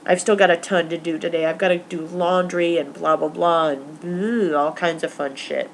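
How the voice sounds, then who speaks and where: A woman's voice: lowish voice, steady tone, normal speed, gravelly, slight background noise. A young woman recapping her week to camera in a casual vlog, rambling with lots of fillers. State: tearful, emotional; recovering from stomach flu. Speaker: vlogger.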